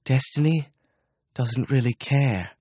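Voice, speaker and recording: A man voicing a timid, wistful young princess in an audiobook, speaking in a soft, husky half-whisper. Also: mid-range voice, slow, no echo, studio quality, voice pushed up.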